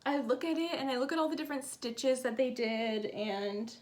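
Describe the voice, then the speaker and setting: A woman's voice: high voice, fairly even intonation, normal speed, darkish tone. Chatty woman vlogging about stitching. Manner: chatty, rambling, self-deprecating. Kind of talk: casual chat.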